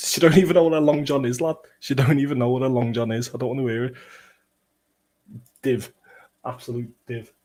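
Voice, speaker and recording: Young male fan host, mid-pitch voice, cheeky banter with viewers, swears freely. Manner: banter, swearing, reading out chat comments; bursts into excited play-by-play. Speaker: watchalong livestream host. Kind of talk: casual livestream chat and match reaction.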